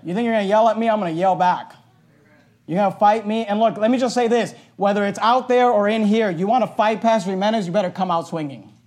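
A middle-aged man preaching a sermon as a pastor, telling a personal story in a loud, emphatic, conversational way with asides. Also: high-pitched, fast.

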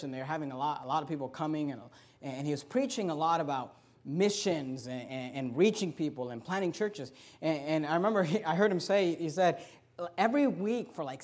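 Male pastor, high-pitched, animated sermon delivery with sudden loud bursts and humorous asides.

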